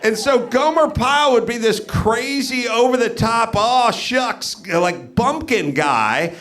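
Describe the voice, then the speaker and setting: A man's voice: extremely high pitch, lively intonation, unhurried, a bit bright. A man hosting a live comedy podcast from a comedy club stage, rambling through incredulous rhetorical questions. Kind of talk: live stand-up podcast riff.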